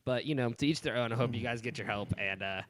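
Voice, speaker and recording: A man co-hosting a podcast in casual, profane chat, telling stories with lively put-on quotes. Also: mid-range voice, fast talker, slight background noise. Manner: profane, animated storyteller who puts on quoted voices. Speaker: podcast co-host.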